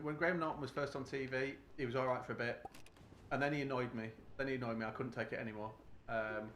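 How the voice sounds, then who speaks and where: A British man chats loosely while streaming a game, circling back and restarting his sentences. His voice sits at a middling pitch. The sound is roomy, with a steady hum of background noise. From United Kingdom. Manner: rambling, full of restarts and fillers.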